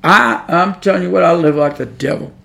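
Gravelly, earnest preaching man. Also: high voice, a little fast, pushed and bright. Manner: earnest, emphatic preaching with repetitions. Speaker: podcast Bible teacher. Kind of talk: preaching Bible study. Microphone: podcast microphone.

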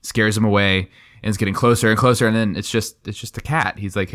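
A man's voice: on the low side, steady tone, fast, a bit bright. A young man co-hosting a casual book podcast, talking enthusiastically and rambling with many fillers. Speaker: podcast co-host.

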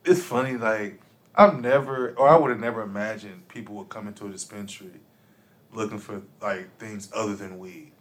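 A man who works at a dispensary, telling stories in casual chat and laughing in disbelief. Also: moderate pace. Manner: laughing, incredulous storyteller, swooping pitch. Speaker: dispensary worker.

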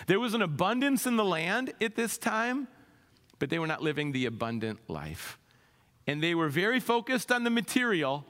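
A man pastor preaching an impassioned sermon, his voice swelling to loud peaks and dropping to soft, low lines. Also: in a large hall.

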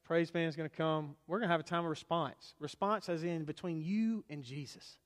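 A man preaching a sermon to a church congregation, swinging between loud emphasis and hushed, quiet lines. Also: fairly high pitch, fairly even intonation, brisk. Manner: preaching with dramatic swings from loud to hushed, acting out quoted voices. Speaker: pastor. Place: church sanctuary. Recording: long hall reverb.

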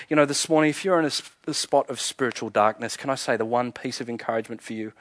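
A man's voice: mid-range voice, fairly even intonation, fast talker, hardly any pauses, no room sound. Earnest preaching man, dry close sound. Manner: earnest, dropping to soft hushed tones with frequent chuckles. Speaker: pastor. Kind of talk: sermon.

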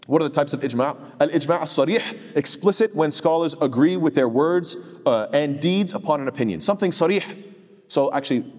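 A man teaching an Islamic studies lecture, animated and digressive, reciting hadith in Arabic before explaining it. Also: a little high, in a large hall.

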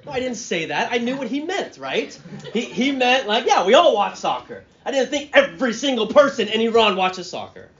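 High-voiced preacher, chatty and searching. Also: male voice, big pitch swings, normal speed, fairly bright tone. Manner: conversational, checks in with "right?" and "okay?"; stammers and restarts mid-phrase. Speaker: pastor. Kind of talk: expository sermon. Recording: dull lo-fi sound.

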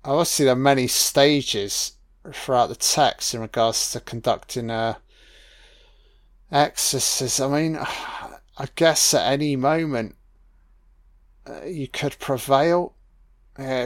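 A man talks through a film in an unhurried, drawn-out way, pausing often to think. His delivery is loose and profane, like casual chatter as the scenes roll by, with his voice sitting at an ordinary pitch. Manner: musing, profane, thinks aloud with fillers. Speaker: film commentator. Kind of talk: casual audio commentary.

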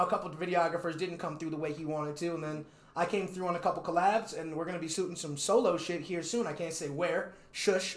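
A young man who raps and makes videos sits in as an interview guest, chatting casually in a loose, profane way and laughing often. His voice sits high, and the room adds a roomy echo.

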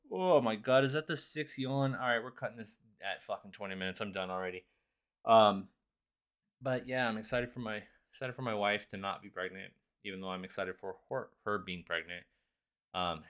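Young male podcast host with a low voice, profane and rambling, excitable monologue. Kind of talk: casual monologue.

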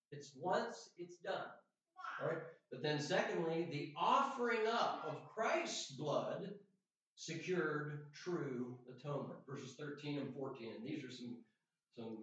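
A man teaching a Sunday school Bible lesson in a conversational way, often checking in with his listeners and slowing down to read scripture aloud. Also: fairly high pitch, fairly bright tone. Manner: reads scripture aloud in slow, deliberate emphasis. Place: church classroom. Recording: echoey room, distant mic, dull sound.

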